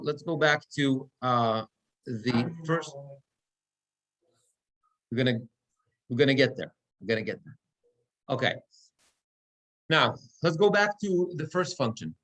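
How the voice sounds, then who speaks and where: A man's voice: mid-range voice, a bit bright. A cantor teaching Torah reading in a classroom, explaining step by step and checking in with his students often. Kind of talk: classroom lecture. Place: synagogue classroom.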